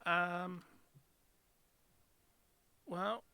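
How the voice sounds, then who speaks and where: Male game master, bright tone, dry close sound, halting narration. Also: high voice, steady tone, creaky, clear, resonant tone, no room sound. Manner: hesitant, many ums while describing scenes.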